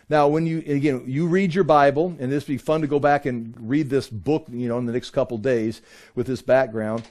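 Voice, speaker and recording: A man with a medium-pitched, somewhat dark voice teaches a Bible class, explaining things and frequently pausing with "uh" before restarting his sentences.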